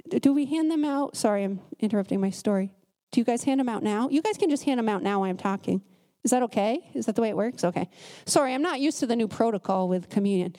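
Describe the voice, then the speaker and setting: A woman preacher giving a conversational sermon, telling stories in an animated way with a pace that speeds up and slows down. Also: fairly high pitch. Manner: animated storytelling, shifting pace.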